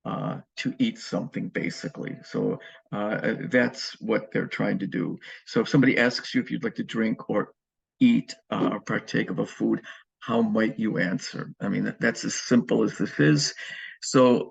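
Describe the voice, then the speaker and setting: Man, Spanish teacher, gravelly husky voice, relaxed lecture full of ums, muffled lo-fi sound. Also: lowish voice. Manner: relaxed, explanatory, frequent ums and uhs. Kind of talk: recorded classroom lecture. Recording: muffled lo-fi recording.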